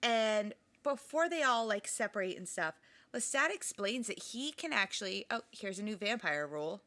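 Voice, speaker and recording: With an expressive, sharp-toned voice of medium pitch at normal speed, this podcast co-host talks casually about a book and its film adaptation. She laughs a lot and tends to let sentences trail off.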